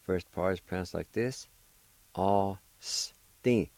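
A man's voice: low-pitched, mellow, dry recording. A man patiently spelling and pronouncing words letter by letter in a radio language lesson. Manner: slow, patient, encouraging. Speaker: language teacher and radio host.

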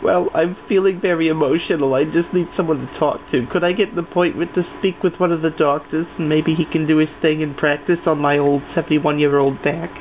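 A man's voice: on the high side, fairly even intonation, fairly quick, few pauses, close to an everyday voice. Man doing a fussy lonely old woman. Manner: dramatic, fussy, oversharing. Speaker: prank caller. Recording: tinny phone line, faint hiss.

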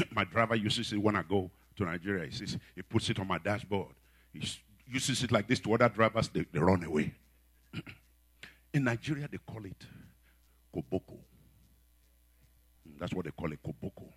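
A man preaching a sermon, swinging between shouted, chanted refrains and low, quiet storytelling. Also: husky.

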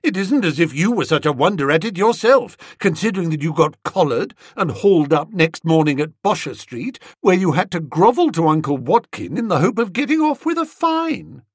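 A storybook reader voicing an imperious, scheming young woman who talks fast and bosses everyone around. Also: medium pitch, big pitch swings, husky, dry recording, clean studio sound. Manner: bossy, fast and breathless.

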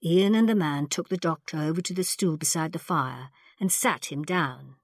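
A woman narrates a story in even, unhurried scripted reading. Her voice is fairly low and recorded close with a dry sound. It is a storybook reading. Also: dry recording. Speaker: audiobook narrator.

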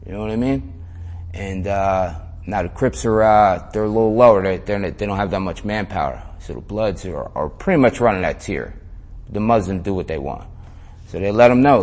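A man's voice: on the low side, animated, moderate pace, darkish tone. A man telling a story in an interview in a casual way, full of slang, swearing and "man". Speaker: interview guest.

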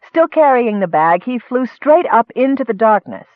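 A man narrating a fantasy story in steady storytelling, lifting his voice for action. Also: very high-pitched, normal speed, no room sound. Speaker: audiobook narrator. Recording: dry, tinny phone-like sound.

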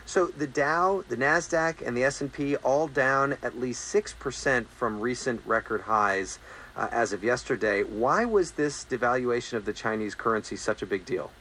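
A man's voice: mid-range voice, normal speed, bright, forceful tone, slight background noise. A man anchoring the news, reading out a scripted introduction and asking questions. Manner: scripted newsreader delivery. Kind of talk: news presenting.

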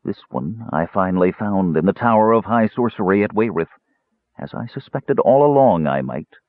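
A man reading an audiobook and voicing a cold, sinister, frail young male mage who speaks calmly and grimly. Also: fairly low pitch, pitched above the performer's own voice, lightly acted. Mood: cold, measured. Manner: calm, grim and measured. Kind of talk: audiobook character voice. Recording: tinny phone-like audio.

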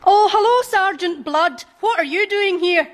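An actress with a Scottish accent playing a dry, sarcastic grown-up daughter in a sitcom, delivering deadpan put-downs. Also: female voice, extremely high pitch, unhurried.

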